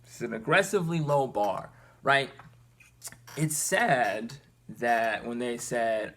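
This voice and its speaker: Earnest gravelly man talking to camera. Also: unhurried. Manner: earnest, animated, rising in pitch when exasperated. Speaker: vlogger. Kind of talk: personal commentary to camera.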